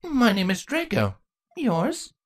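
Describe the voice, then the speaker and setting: A woman's voice: mid-range voice, wildly swooping pitch, takes it slowly, pitched above the performer's own voice, full character voice. A woman voicing a laid-back, teasing young female changeling in a storybook reading. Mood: casual. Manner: casual, dry, teasing.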